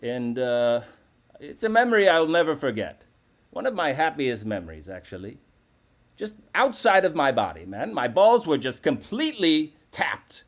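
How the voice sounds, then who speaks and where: Brash, lively-voiced male comedy host. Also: fairly high pitch, moderate pace. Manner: brash, profane, rambling. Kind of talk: live call-in comedy show.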